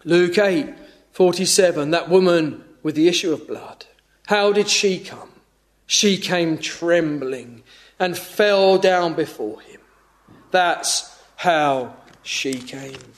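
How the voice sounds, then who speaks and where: A man preaching an evening sermon, earnest and measured, often falling to a hushed, pleading tone. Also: high voice.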